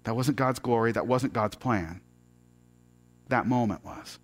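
A middle-aged man telling a personal story as a sermon, earnest and halting, often restarting his words. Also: mid-range voice, faint music behind.

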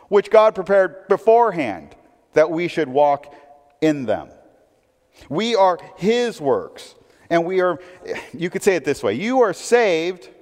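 Guy preaching a sermon, lively up-and-down voice, tosses questions at the crowd, big reverby hall. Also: sits high. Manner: conversational preaching with rhetorical questions. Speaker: pastor.

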